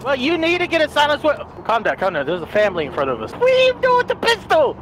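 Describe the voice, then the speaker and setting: A young man playing a co-op game, excitable, shouting and laughing often. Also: extremely high pitch, fast, a little hiss or hum. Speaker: gamer playing co-op. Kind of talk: excited gameplay banter.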